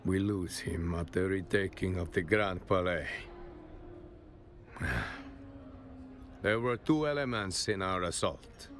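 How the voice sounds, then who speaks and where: An actor playing a male veteran soldier turned bouncer and wine steward in a video game, speaking with an Italian accent in a measured storytelling manner. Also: low-pitched. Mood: somber. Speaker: non-player character in a video game.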